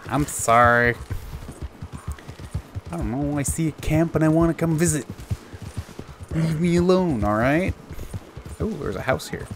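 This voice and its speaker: A man's voice: on the high side, normal speed, long pauses, fairly bright tone, soft background music. A young man chatting through a let's play, curious and thinking aloud as he goes. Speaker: gamer.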